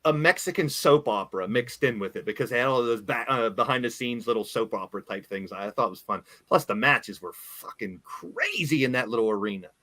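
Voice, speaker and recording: A man hosts a loose, casual podcast chat with a bright, forward tone. He rambles and restarts his sentences as he talks. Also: medium pitch, lively intonation, fairly quick, hardly any pauses, dry recording. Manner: rambling, self-interrupting, laughs easily. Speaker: podcast host.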